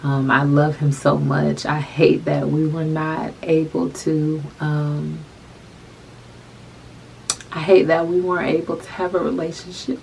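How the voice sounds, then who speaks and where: A young adult woman telling a personal story to camera, soft-spoken and halting, often repeating her phrases. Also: low voice, level tone, gravelly, slight background noise, low-quality recording. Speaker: vlogger.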